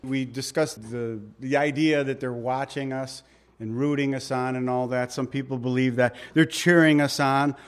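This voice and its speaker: A middle-aged man preaching a sermon in a conversational way, slowing down to read verses aloud and dropping quiet to stress a point. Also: medium pitch, fairly even intonation. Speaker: pastor.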